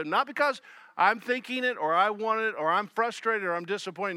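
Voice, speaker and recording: A man preaching with a bright, slightly high voice. He acts out the people in his text, pushing hard on key phrases and then dropping to soft, low asides. The sound is dry and close. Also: normal speed, no room sound. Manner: animated, acts out voices of Jesus and Peter; swings between loud emphasis and soft low asides. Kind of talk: sermon.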